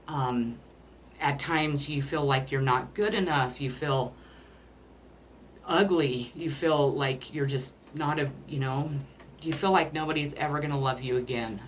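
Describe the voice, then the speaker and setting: Woman reading love cards, low voice, kinda emotional and rambly, faint hiss behind. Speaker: tarot card reader. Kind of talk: spiritual card reading.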